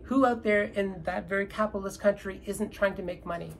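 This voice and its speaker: Woman from canada, bit of vocal fry, talking casual and persuasive, asks a lot of "right?" questions. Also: mid-range voice, steady tone, a little fast, a little hiss or hum, rough recording. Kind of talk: casual opinionated talk.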